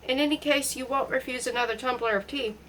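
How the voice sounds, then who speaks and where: A woman's voice: sits high, fast talker, fairly bright tone, a little hiss or hum. Woman reading as a pompous, bossy prison director. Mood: jovial.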